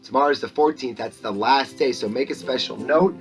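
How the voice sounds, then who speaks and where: An enthusiastic young man hosts upbeat morning announcements for schoolchildren. His voice sits at an ordinary middle pitch, and he talks to students and the school mascot with an exclamatory, cheerful manner. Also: brisk, far from the mic, soft background music.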